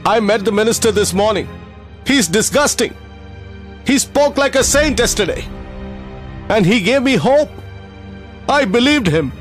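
An actor dubbing a gentle, caring male teacher who talks in an emotional, pleading way. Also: high voice, lively intonation, measured pace, pauses often, soft background music. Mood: bitter. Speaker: teacher running a school for poor children. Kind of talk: dubbed film acting.

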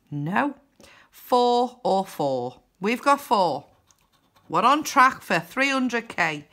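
Woman vlogger, unhurried, crisp bright tone, chatty number-by-number commentary. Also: mid-range voice, animated. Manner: chatty, counts numbers aloud, cheers and groans. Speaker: scratch card vlogger. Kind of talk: casual commentary while scratching cards.

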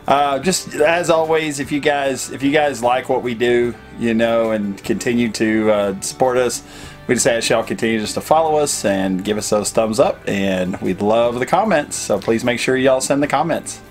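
A man talks casually through a do-it-yourself repair, pausing often and filling gaps with "uh" and "so". His manner is laid-back and modest. Faint music plays behind him. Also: medium pitch. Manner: easygoing, hesitant with many fillers. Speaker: vlog co-host. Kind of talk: casual how-to chat.

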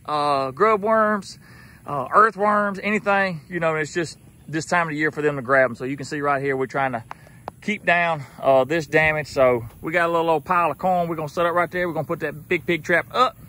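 A man's voice: on the high side, pushed and bright. A man narrating a casual outdoor vlog as a hog trapper, chatting in a folksy way with asides to his viewers. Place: outdoors near a house.

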